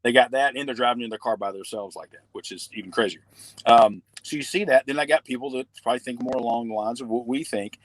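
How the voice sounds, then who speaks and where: A man's voice: mid-range voice, fast. A man, talking earnestly as a podcast guest in a casual conversation.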